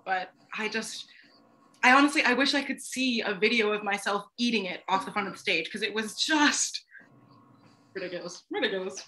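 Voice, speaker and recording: A young woman, a stage actor, telling a funny backstage story on a video call, animated and laughing often. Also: a little high, fairly quick. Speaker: stage actor, interview guest. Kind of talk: casual anecdote on a video call. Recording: echoey room.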